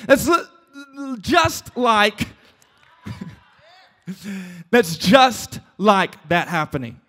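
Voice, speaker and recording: A man preaching a casual, joking sermon as a pastor, retelling a story with quick asides and playful voices for its characters. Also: high voice, lively intonation, a bit bright.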